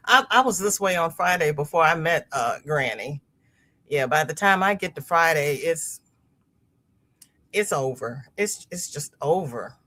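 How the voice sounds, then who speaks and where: A woman's voice: lowish voice, a little slow, fairly bright tone. A woman hosting a crochet livestream, chatting casually as she reads viewer comments aloud, laughing often and repeating words as she goes. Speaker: livestream host. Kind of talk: casual live chat reading comments.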